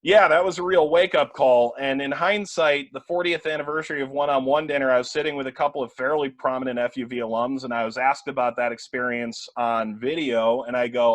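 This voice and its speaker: A man's voice: medium pitch, dry recording. 20s sportscaster guy telling stories, lots of ums and restarts, mid voice, dry close sound. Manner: animated, quick anecdotes with many restarts and fillers. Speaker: play-by-play broadcaster, podcast guest. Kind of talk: casual storytelling chat.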